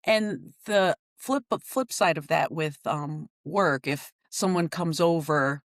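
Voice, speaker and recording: A middle-aged woman talks through everyday stories in relaxed podcast chat, her voice jumping up with animation and quick laughs. She sits at a middling pitch, slightly on the lower side. The sound is close and dry, with no room around it. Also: dry recording. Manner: animated storytelling, laughing often. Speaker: podcast co-host. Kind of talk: casual conversation.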